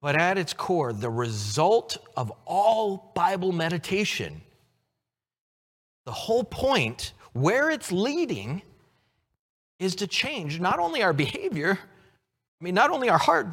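Male pastor, sermon delivery, animated pitch, long hall reverb. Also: breathy edge. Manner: earnest, teaching, slow emphatic scripture reading.

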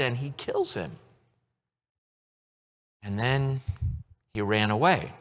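A male pastor delivers a sermon in an unhurried, animated way, his pitch climbing and falling freely. He leans hard into some phrases and pulls others down almost to a murmur. The voice rings out with a long reverb in a large church hall. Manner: expressive preaching, swinging from loud to hushed.

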